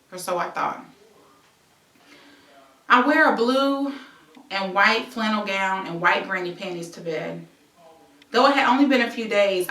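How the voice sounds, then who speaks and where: A woman's voice: mid-range voice, pushed and bright, distant mic. Woman reading her memoir aloud, echoey. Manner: present-tense storytelling broken by conversational asides. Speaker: memoir author and host.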